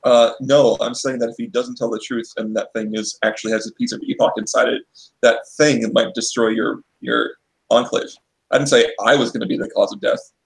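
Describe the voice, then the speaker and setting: A man's voice: mid-range voice, level tone, brisk, vocal fry, poor audio. A man playing a tabletop game, hesitantly describing his character's actions with many restarts. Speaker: player.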